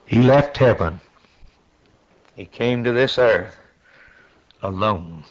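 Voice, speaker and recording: Slow, dramatic male preacher, lo-fi. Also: expressive. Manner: slow, dramatic preaching that climbs to high shouted peaks. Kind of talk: sermon.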